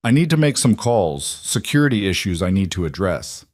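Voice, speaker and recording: Cold mafia boss, clipped and stern, voiced by a man narrator, low dry read. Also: sing-song, normal speed, darkish tone, no room sound.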